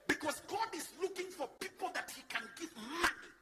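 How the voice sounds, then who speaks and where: A Kenyan man preaching a sermon in a very high voice that leaps up and down. He swings from loud shouting to quiet asides, passionate and forceful before his congregation. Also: lively intonation, brisk, background noise. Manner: passionate, shifts from loud shouting to low asides, mixes in Swahili. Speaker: bishop and preacher.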